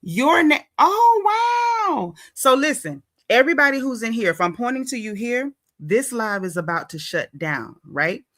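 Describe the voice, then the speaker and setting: A woman hosting a casual live stream, chatty and slangy, shouting out viewers by name. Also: fairly high pitch, expressive, moderate pace, hardly any pauses. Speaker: host of a celebrity gossip live stream.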